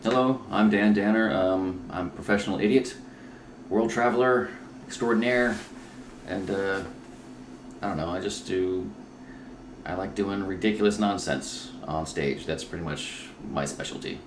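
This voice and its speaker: A man's voice: sits low, moderate pace, echoey room, background noise. A man, a comedian guest on a podcast at his own house, talking casually in a loose, self-mocking way with some profanity.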